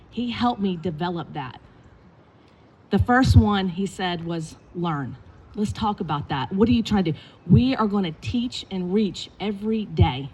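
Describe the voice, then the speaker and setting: A middle-aged woman, a basketball coach, telling lively stories in a eulogy and acting out the quotes. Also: medium pitch, a little hiss or hum. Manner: animated storytelling with acted quotes. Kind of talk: eulogy with storytelling. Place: indoors at a funeral gathering.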